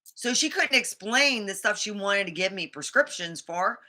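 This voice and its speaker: A woman's voice: mid-range voice, lively intonation, normal speed, sharp tone. A woman vlogger telling a rambling, indignant story about a doctor's visit, acting out the quotes. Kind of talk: casual monologue.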